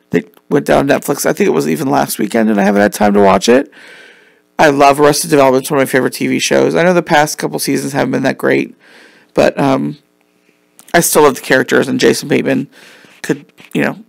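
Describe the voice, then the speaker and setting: A man's voice: on the high side, fairly even intonation, quick pace, vocal fry, dry recording. A man hosting a casual solo podcast, rambling and chatty with lots of ums and some swearing, while losing his voice. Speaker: podcast host.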